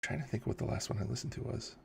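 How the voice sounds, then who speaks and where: A man's voice: medium pitch, rapid-fire, gravelly, a little mellow, slightly rough. A man hosting a livestream, rambling casually, chuckling and reading chat questions aloud, tired in the early morning. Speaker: livestream host.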